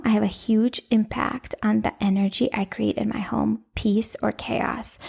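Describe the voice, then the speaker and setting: A woman's voice: fairly high pitch, gravelly, a little mellow. A woman in her thirties, a parenting coach giving earnest, conversational advice straight to the viewer in a casual monologue. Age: 30s.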